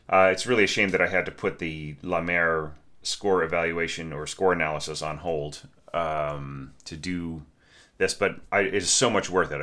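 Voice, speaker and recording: Deep, bright-voiced music teacher singing examples. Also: male voice. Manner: sings phrases and articulations aloud as examples; chatty, apologetic, frequent fillers. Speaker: orchestration teacher reviewing scores. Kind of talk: casual score critique.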